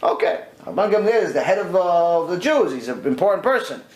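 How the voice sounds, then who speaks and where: A man's voice: high voice, sing-song, a little fast, roomy sound, low-quality recording. A man, a rabbi, giving a Torah lecture and telling a story, acting out the dialogue in quotes.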